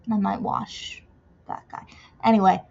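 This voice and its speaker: A tired woman in a casual faith vlog, rambling and restarting her sentences, trailing off softly at times. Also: medium pitch, level tone, moderate pace, gravelly. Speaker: vlogger. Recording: dull lo-fi home recording with faint noise.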